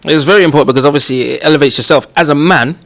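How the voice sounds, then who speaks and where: A young man, his voice sitting fairly high for a man. He talks earnestly and conversationally, with loose fillers, as a comedian being interviewed. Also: racing, fairly bright tone. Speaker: comedian guest. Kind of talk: casual interview chat.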